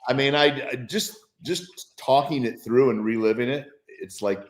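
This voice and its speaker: A man's voice: mid-range voice, moderate pace, roomy sound. A male football analyst, a guest on a sports show, talking with enthusiasm and reflecting on a game. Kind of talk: casual sports talk.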